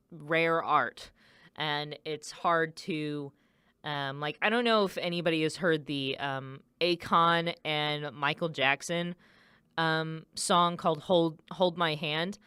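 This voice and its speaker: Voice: mid-range voice, fairly even intonation, slow pace, sharp tone, smooth, no room sound. A radio DJ chatting casually, rambling with many fillers and self-corrections. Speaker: radio DJ host.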